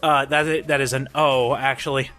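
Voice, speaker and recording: A man's voice: medium pitch, flat delivery, normal speed. A man hosting a let's play, giving goofy, self-mocking gameplay commentary. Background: game music.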